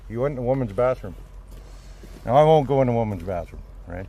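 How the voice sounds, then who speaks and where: A man who works as a gold miner, telling a story in a blunt, profane, animated way, recorded outdoors at a mine site. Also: mid-range voice, fairly quick, a little hiss or hum. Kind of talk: casual storytelling.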